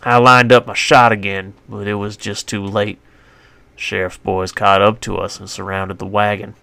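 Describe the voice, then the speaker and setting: A man's voice: fairly low pitch, little pitch movement, normal speed, gravelly, bright, forceful tone, clear, resonant tone. A man narrating his own western story in a folksy, colloquial first-person voice on a close mic.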